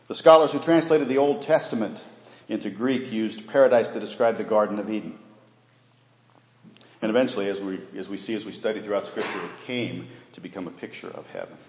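A man with a low voice preaches a sermon in a church, building to loud emphatic peaks and posing rhetorical questions to his listeners. The sound is echoey, with a long reverb tail and a dull, muffled tone. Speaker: pastor. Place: church sanctuary.

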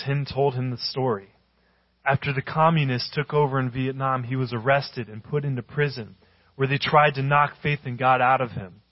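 A man's voice: mid-range voice, no echo, highs cut off. Man preaching a storytelling sermon. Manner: storytelling with emphatic, slowed-down phrases. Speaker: pastor.

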